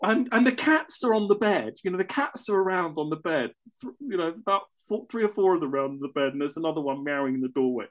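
A man's voice: on the high side, lively intonation, fast talker, hardly any pauses. An English man telling a personal story in a casual, rambling way, often correcting himself mid-sentence. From England. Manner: rambling, self-correcting, with chuckles.

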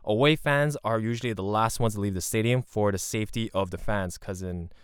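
Low smooth guy rambling through a story, swears a lot, dry sound. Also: a little fast, no echo. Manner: rambling, profane, animated. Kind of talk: casual storytelling.

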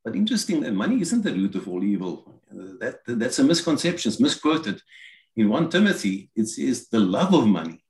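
A man's voice: medium pitch, big pitch swings, a little fast, darkish tone. A man preaching a sermon, explaining scripture and voicing quoted lines as he goes. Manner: expository, quotes scripture in acted asides. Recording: roomy echo.

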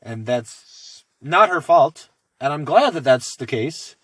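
Husky-voiced man ranting profanely. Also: a little high, lively intonation, takes it slowly, a bit bright, no room sound. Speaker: podcast co-host. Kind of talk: casual podcast chat reading posts aloud.

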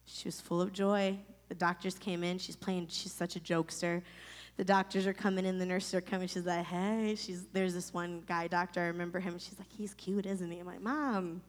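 A woman in her thirties from Florida telling a personal testimony in an emotional, halting way with many restarts. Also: fairly low pitch, level tone. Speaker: storyteller sharing a personal testimony. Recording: long reverb.

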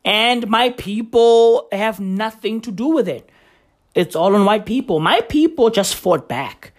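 A woman ranting loudly in a vlog. She swears constantly, and her voice is hoarse and cracking from shouting. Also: medium pitch, animated, unhurried. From South Africa. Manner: loud, shouty, swearing heavily. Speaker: vlogger. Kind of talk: profane vlog rant.

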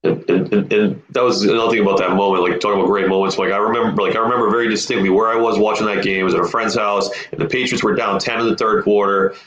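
A man's voice: lowish voice, level tone, quick pace, hardly any pauses, fairly bright tone, muffled recording. A man on a casual sports podcast who tells his stories in a rambling way, full of "like". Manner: rambling, many likes. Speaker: podcast co-host. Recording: echoey room.

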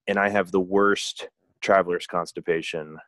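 A man's voice: deep voice, fairly even intonation, normal speed, fairly bright tone, dry recording, clean studio sound. A man co-hosting a podcast, telling rambling joking stories in casual chat. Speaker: podcast co-host. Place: travelling abroad, indoors.

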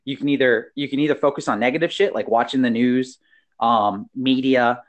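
A young man hosts a podcast, talking casually and swearing freely. He is animated and breaks into laughter often. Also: medium pitch, brisk. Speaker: podcast host.

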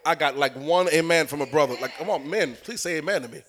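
A man's voice: on the high side, fast, a crowd in the background. A middle-aged man preaching a live sermon in church, joking with and coaxing the congregation.

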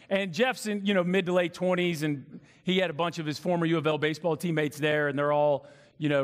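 Higher-voiced man preaching in a reverberant hall. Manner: casual storytelling, many fillers and asides to the crowd. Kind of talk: conversational sermon. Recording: long reverb of a large hall.

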